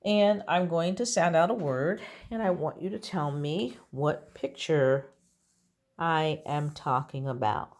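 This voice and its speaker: A woman with a low voice leads young children through a phonics lesson. She talks very slowly and patiently, sounding out each letter of simple words. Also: darkish tone. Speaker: kindergarten teacher.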